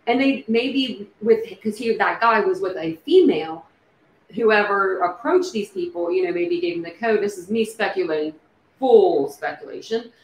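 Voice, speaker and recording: A woman hosting a casual livestream, thinking out loud with many fillers and restarts. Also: mid-range voice, animated, moderate pace. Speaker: true crime livestream host. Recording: echoey room with faint background noise.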